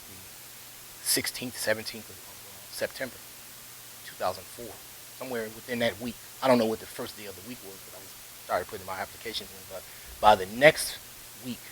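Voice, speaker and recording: The recording is low quality, a lo-fi video with faint hiss, capturing a man's fairly bright voice. He's a ragtime pianist giving an interview, spinning casual, meandering anecdotes packed with fillers and laughs.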